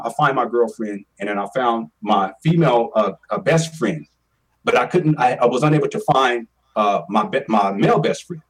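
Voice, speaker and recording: A man's voice: medium pitch, husky, recorded from a distance, low-quality recording. A man in his forties telling a personal story as an interview guest, earnest and emphatic, often repeating his words. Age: 40s.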